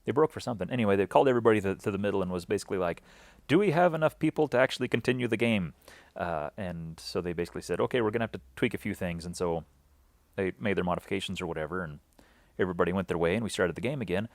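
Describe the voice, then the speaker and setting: A man's voice: low-pitched, racing, dry recording. A man recapping a weekend game event in a loose, rambling way, full of fillers and restarts, acting out bits of dialogue.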